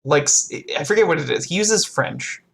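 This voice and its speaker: A young man co-hosting a podcast in casual chat, animated, acting out quotes and laughing often. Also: fairly high pitch, moderate pace, vocal fry. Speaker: podcast co-host.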